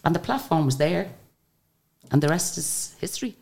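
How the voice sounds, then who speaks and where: Older woman, radio guest; low, expressive voice, animated storyteller who acts out each exchange. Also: moderate pace, vocal fry. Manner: chatty, animated retelling of stories with quoted dialogue. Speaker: guest singer. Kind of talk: radio interview, anecdotal storytelling.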